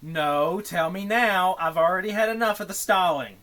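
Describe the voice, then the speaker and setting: A man's voice: high-pitched, normal speed, fairly bright tone. A young man streaming a chatbot role-play game, casual and exasperated, swearing often. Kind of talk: casual live-stream commentary.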